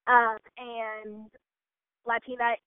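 Her pitch is fairly high and her tone level, with drawn-out words and a smooth delivery. The twentysomething gymnast and dancer chats casually as an interview guest, bubbly and heavy on fillers. The recording is dry, over a tinny phone-like line.

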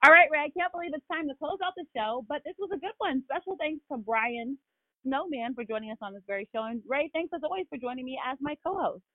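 A woman hosting a casual sports radio show, hoarse from a cold, upbeat and emphatic. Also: high-pitched, animated, quick pace, no echo. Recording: tinny phone-line sound, dry.

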